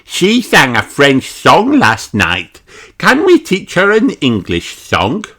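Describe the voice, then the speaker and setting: A storybook reader voicing a cheerful, excitable little girl piglet. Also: mid-range voice, slow pace, voice pushed up, exaggerated voice. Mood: chirpy. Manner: bright, chirpy and excitable.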